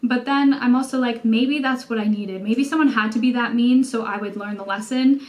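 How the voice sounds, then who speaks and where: A woman's voice: fairly high pitch, moderate pace. Chatty Canadian woman telling a story. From Canada, Toronto. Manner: chatty, animated storytelling, many "like" fillers. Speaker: vlogger. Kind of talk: casual storytime vlog. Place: indoors at home by a window.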